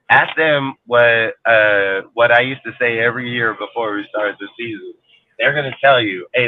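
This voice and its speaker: A man's voice: mid-range voice, dry recording. A man talking football on a casual sports talk show, rambling, profane and heated. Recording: tinny phone-like line, dry.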